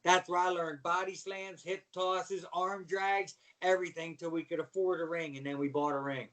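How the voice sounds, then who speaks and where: A middle-aged man from Baltimore, a former wrestler, telling slangy, animated stories as a podcast guest. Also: on the high side, moderate pace, recorded from a distance, poor audio. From Baltimore, USA. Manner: animated storyteller, slangy, says "man" a lot. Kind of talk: casual storytelling interview.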